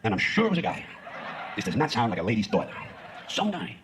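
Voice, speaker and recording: A man's voice: on the low side, huge pitch swings, fast, background noise. A man performing a stand-up routine on stage, ranting in a profane, sarcastic way. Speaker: stand-up comedian. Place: stage in front of an audience.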